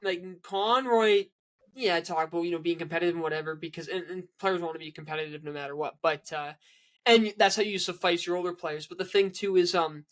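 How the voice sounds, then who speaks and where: A man's voice: high-pitched, brisk, fairly bright tone. A man co-hosting a casual sports podcast, rambling with many restarts and fillers. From Canada. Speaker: podcast co-host.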